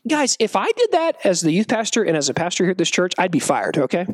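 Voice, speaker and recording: Animated male youth preacher, jokey, acts out voices, very lively pitch, dry sound. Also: fast talker, no room sound. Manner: animated, joking, acts out quotes. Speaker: youth pastor. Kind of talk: youth sermon.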